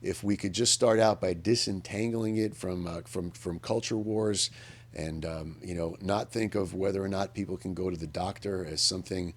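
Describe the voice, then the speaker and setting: Guy hosting a radio commentary show, lowish voice, earnest and emphatic, keeps restarting sentences as he thinks. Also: fairly even intonation, moderate pace. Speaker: radio host. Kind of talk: public affairs commentary monologue.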